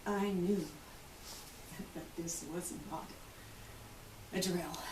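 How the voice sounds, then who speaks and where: A woman's voice: lowish voice, fairly even intonation, drawn-out words. An actress giving a theatrical first-person monologue as an outspoken, wealthy woman who survived the Titanic, telling the story vividly and acting out the voices of others. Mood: recounting. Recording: roomy, distant, faint hiss.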